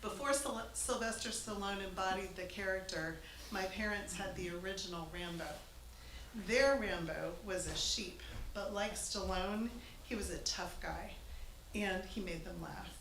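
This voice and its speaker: A woman's voice: medium pitch, unhurried, a bit bright. A woman telling a funny family story to a live audience in a church hall, chatty and amused. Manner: amused, chatty, laughs between lines. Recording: echoey hall with faint noise.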